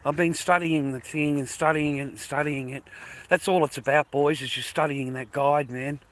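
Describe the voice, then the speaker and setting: Australian man, middle-aged, weary and rambling, swears a lot, slightly high voice, bright and forceful tone, phone mic outdoors. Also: steady tone, normal speed, a little hiss or hum. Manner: rambling, swears a lot, addresses viewers as mate and boys. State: tired. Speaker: vlogger. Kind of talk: casual rambling monologue to viewers. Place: outdoors, walking to a bus stop early in the morning.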